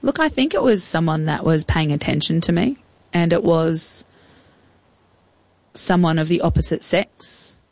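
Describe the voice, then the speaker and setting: A woman's voice: on the low side, measured pace, darkish tone, dry recording. An Australian woman in her thirties recounting a personal story in a candid, chatty way as an interview guest, acting out old phone calls. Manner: candid, chatty, acts out past conversations.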